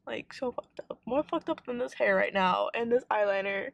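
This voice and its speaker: Excitable young woman vlogger, high voice. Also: vocal fry, dry recording, dull audio. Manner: excitable, heavy swearing, fast rants. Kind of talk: casual vlog chat. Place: in a parked car in Texas heat.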